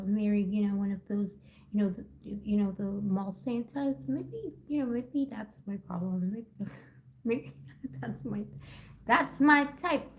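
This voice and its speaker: A woman's voice: medium pitch, phone-quality sound, a little hiss or hum. A woman hosting a live tarot stream, chatting casually and rambling from topic to topic with lots of "like" and "you know," often laughing. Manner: rambling and giggly, jumps between topics; heavy use of "like" and "you know". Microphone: built-in device mic, no separate mic.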